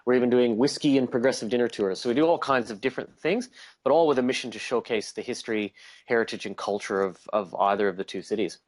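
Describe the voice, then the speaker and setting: A man's voice: medium pitch, fast. A young man with a Canadian accent picking up a few Australian touches, a tour business owner answering interview questions in an easygoing, upbeat way with frequent "uh" fillers. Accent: Canadian, with slight Australian touches. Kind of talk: remote interview.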